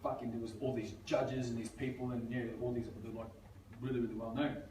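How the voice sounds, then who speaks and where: A man's voice: mid-range voice, flat delivery, fairly quick, warm tone. A man, a coach telling stories in casual seminar talk and swearing freely. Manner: swears a lot, storytelling with acted quotes. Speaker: life coach. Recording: echoey room, far from mic, faint noise.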